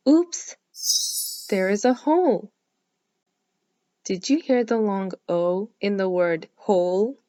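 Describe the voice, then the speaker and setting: A woman teaching phonics to young children, speaking slowly and clearly, with lots of encouraging praise and drawn-out vowel sounds. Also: mid-range voice, warm tone, no room sound, muffled recording. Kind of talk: slow, clearly enunciated lesson for young children.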